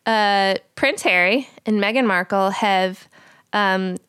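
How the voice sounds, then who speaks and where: A young adult woman co-hosting a casual Bible discussion podcast, telling the story with lively put-on voices for the people in it. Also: mid-range voice, slow pace, clean tone, dry recording, clean studio sound. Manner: animated storyteller, acts out voices in quotes. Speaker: podcast co-host.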